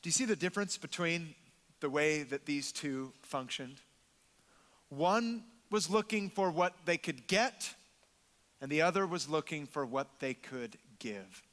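A man's voice: on the high side, lively intonation, measured pace, fairly bright tone, in a large hall. A man preaching a sermon in a church, emphatic, repeating words and acting out quotes. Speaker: pastor.

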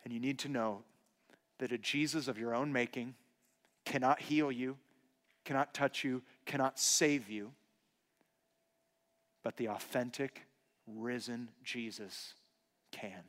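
Pastor, male, 30s, mid-pitched; earnest storytelling sermon with hushed emphatic drops, recorded in a reverberant hall. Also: slow pace, long pauses.

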